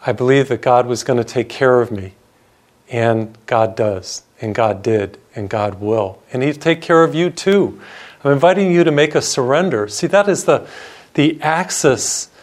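A man's voice: mid-range voice, moderate pace. A middle-aged man, a priest, preaching a radio sermon in an earnest storytelling way, repeating phrases for emphasis.

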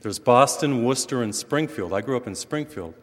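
A middle-aged priest delivers a sermon, his voice swelling on key phrases and easing into jokes. The sound carries a long reverb, as in a big church, and his pitch sits in an ordinary middle range. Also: a little fast. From western Massachusetts. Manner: animated preaching with rising emphasis and humorous asides. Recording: long reverb from a large hall.

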